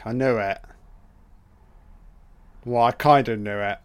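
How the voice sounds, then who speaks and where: Young male commentator, middle pitch, loose and profane, reacts out loud to every twist. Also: takes it slowly, clear, resonant tone, no echo. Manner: swears a lot, exclaims in surprise. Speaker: film commentator.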